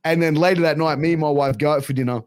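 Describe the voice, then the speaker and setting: Talking at a quick pace with a somewhat high voice and no echo, a young Australian podcast host tells an animated story. His telling is casual, thick with fillers, and full of swearing.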